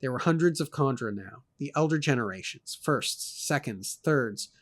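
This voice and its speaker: Dude reading a fantasy book out loud, steady voice, dry little jokes in between. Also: male voice, mid-range voice, moderate pace. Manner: steady narration broken by dry asides. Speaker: co-host reading a novel aloud. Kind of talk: reading aloud with commentary.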